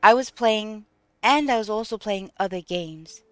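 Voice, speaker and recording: Chatting with viewers while streaming a game, this woman speaks in an unhurried, drawn-out way, her mid-range voice smooth and clear. The sound is dry and close with no room echo, and she thanks people, describes her moves in the game, and fills pauses with ums.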